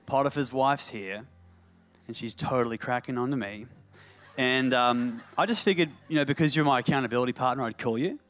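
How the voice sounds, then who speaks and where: A man's voice: mid-range voice, natural voice. A man doing a chatty Aussie Joseph on the phone. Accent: put-on Australian. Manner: chatty, casual, matey. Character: overly Australian young Joseph phoning a mate.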